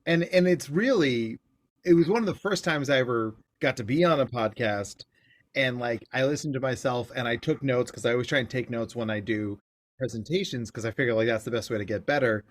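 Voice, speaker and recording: A man's voice: mid-range voice, fairly quick. A man hosting a podcast as a clinical psychologist, in casual interview talk, playful and joking with rambling asides.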